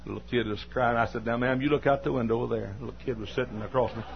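Folksy Southern preacher telling a story. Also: male voice, medium pitch, steady tone, racing, gravelly, slight background noise. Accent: Southern American. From American South. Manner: folksy, scolds the audience, bursts into shouts. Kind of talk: sermon storytelling. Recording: dull lo-fi sermon recording.

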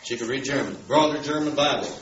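A man's voice: medium pitch, quick pace, fairly bright tone, echoey room, far from the mic, lo-fi sound, slight background noise. A man preaching a sermon, telling a story in a folksy way and building emphasis on key words. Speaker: pastor.

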